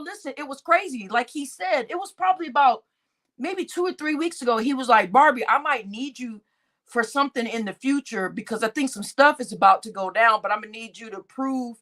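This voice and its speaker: High, animated woman gossiping on a livestream. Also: brisk. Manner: animated, laughing often, loud exclamations. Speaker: livestream host. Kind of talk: casual gossip chat.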